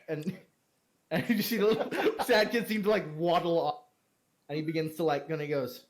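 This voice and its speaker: A man's voice: on the high side, lively intonation, normal speed. A man running a tabletop game as game master, narrating casually with many fillers.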